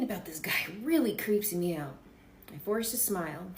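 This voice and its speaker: A woman's voice: fairly low pitch, expressive, normal speed, slight background noise. A woman casually reading a first-person memoir aloud, breaking off with off-script asides to her listeners. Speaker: storyteller.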